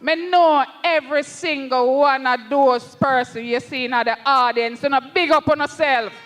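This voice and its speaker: Impassioned high-voiced Jamaican rally speaker. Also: fairly even intonation, fairly bright tone, in a large hall. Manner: impassioned, slow and emphatic, repeatedly addresses the party leader. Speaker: parliamentary candidate at a party rally. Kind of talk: political rally speech.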